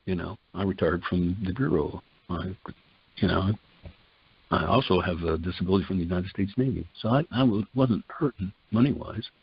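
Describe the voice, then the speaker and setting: A man's voice: low voice, normal speed, vocal fry, breathy edge. An older man giving a personal testimony in a folksy way, retelling conversations line by line in quotes. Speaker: testimony speaker. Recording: dull lo-fi dry recording.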